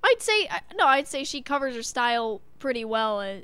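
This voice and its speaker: A woman's voice: fairly high pitch, big pitch swings, moderate pace, fairly bright tone, smooth, no echo. A woman singer chatting playfully, giggling often and breaking into bits of song. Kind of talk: casual chat.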